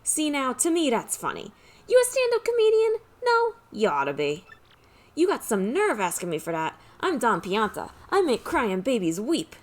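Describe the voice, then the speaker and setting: A woman plays a gruff, commanding mob boss from a video game, leaning on slangy tough-guy talk and a put-on mobster accent. The voice sits a little high and bounces around in pitch. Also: very animated, normal speed. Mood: mocking. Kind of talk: reading game dialogue aloud.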